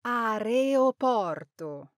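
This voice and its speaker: Woman enunciating words very slowly. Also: a little high, lively intonation. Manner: deliberate, enunciated. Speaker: example speaker in a language lesson. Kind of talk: slow, careful word demonstration.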